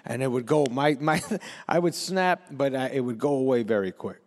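A middle-aged man talking casually as an interview guest, laid-back, laughing often, repeating words and slipping into quick impressions. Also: medium pitch, animated, darkish tone, long reverb tail. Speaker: actor and comedian guest.

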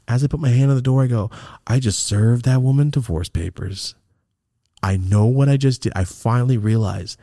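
A young male podcast host with a mid-range voice tells a long story, recorded dry with clean studio sound. His chat is animated, casual and profane, and he acts out the voices of the people involved.

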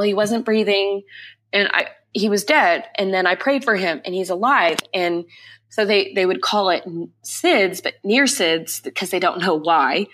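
A young woman guest on a podcast, telling her personal testimony in an emotional, quick retelling full of repeated phrases. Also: medium pitch, a bit bright, husky.

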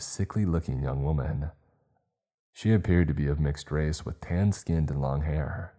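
A man narrating a scary story in a slow, measured, grave delivery. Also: a bass voice, mellow. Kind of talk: scripted horror story narration.

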